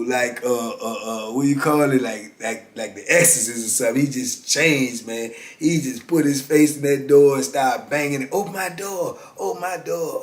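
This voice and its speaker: A man in his fifties, a former prisoner, telling prison stories in a lively, casual street-talk monologue. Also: medium pitch. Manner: animated, vivid street storytelling with frequent "you know what I'm saying". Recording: roomy echo.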